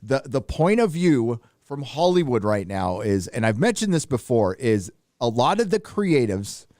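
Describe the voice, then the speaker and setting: A man's voice: mid-range voice, big pitch swings, unhurried, darkish tone, no room sound, studio quality. Hesitant man chatting on a call. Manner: hesitant, filler-heavy. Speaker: podcast co-host. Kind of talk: casual chat.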